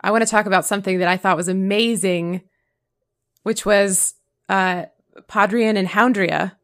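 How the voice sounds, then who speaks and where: A woman co-hosting a casual podcast discussion, talking in an emotional, expressive way. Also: medium pitch, normal speed. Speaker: podcast co-host. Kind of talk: casual chat.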